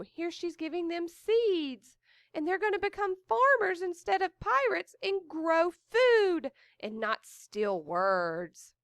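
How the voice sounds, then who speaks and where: A woman reads a children's picture book aloud in a very high, lively voice, gasping in wonder and chatting about the pictures. Her voice has a gravelly edge, and she speaks slowly. The recording is close and dry. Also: no room sound. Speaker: storybook reader.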